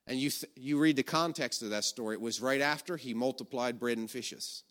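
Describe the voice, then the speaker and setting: A man preaching a sermon, telling a story with animated energy, shouting the quoted commands and dropping low for asides. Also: moderate pace.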